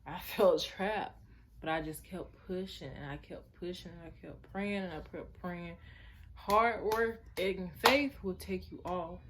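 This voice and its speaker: A woman's voice: on the low side, a little slow, a bit bright, slight background noise. Earnest chatty young woman vlogger. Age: 20s. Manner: chatty, addresses viewers as y'all; earnest, heartfelt storytelling. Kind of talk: personal story vlog.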